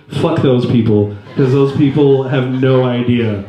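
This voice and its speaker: A man's voice: medium pitch, moderate pace, hardly any pauses, mellow. A man in his twenties doing stand-up comedy in a live venue, rambling and self-deprecating, jumping into voices. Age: 20s. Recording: roomy stage sound.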